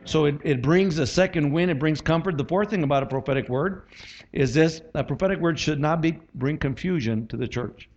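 A middle-aged man preaches to his church in a loose, conversational manner, checking in with the crowd and acting out little scenes. His voice sits a little high, and the recording is dull and lo-fi. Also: a little fast, darkish tone. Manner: conversational, acts out quotes, frequent "right?". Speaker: pastor. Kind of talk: sermon.

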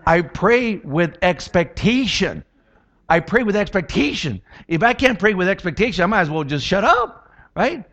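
A man's voice: high-pitched, big pitch swings, moderate pace, fairly bright tone. Man preaching a casual sermon, lo-fi sound. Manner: conversational preaching with jokes and repeated questions. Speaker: pastor. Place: church.

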